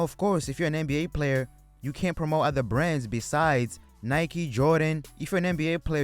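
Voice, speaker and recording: A man giving casual commentary on sports news as a vlogger, blunt, joking and profane. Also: a little high.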